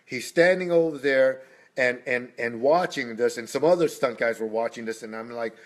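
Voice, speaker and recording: A man's voice: mid-range voice, moderate pace. Rambling middle-aged man telling stories. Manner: rambling, breaks off to greet passersby. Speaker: guest speaker. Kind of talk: casual storytelling.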